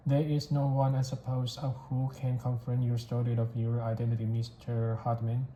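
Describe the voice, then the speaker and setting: A reader voicing a calm, polite detective asking probing questions, in a storybook reading recorded in an echoey room. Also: mid-range voice, normal speed, lightly acted. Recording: echoey room, faint background hiss.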